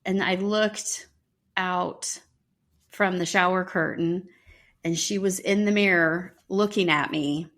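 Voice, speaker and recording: A woman's voice: on the low side, fairly even intonation, slow pace, fairly bright tone. A middle-aged woman, a podcast co-host, telling a personal story in casual talk and acting out the people she quotes.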